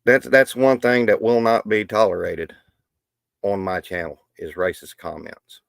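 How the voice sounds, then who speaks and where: A middle-aged man with a drawl hosts a live stream in a loose, folksy ramble, often restarting his sentences. His voice sits on the low side and sounds dry and close, with almost no room around it. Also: level tone, a little slow, creaky, no echo. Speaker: livestream host. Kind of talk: casual live stream talk.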